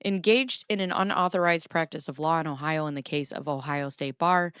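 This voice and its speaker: A woman with a lowish, smooth voice rambles through stories and reads news on a live reaction stream, swearing freely and laughing often. The sound is close and dry, with no room echo at all. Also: brisk, a bit bright. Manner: chatty and profane, laughs often, rambling storytelling. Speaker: live-streaming commentary host. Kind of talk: casual live reaction chat.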